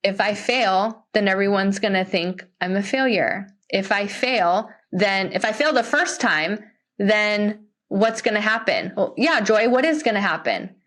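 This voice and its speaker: Heartfelt young woman coach, animated. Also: medium pitch, unhurried. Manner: animated and heartfelt, with many restarts. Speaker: life coach and podcast guest. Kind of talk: earnest interview conversation.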